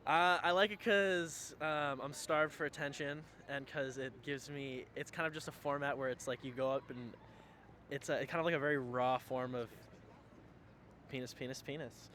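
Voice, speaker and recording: A man answering interview questions about comedy, hesitant and halting, outdoors on a city street. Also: mid-range voice, steady tone, sharp tone, slight background noise. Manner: hesitant, many restarts. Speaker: aspiring comedian.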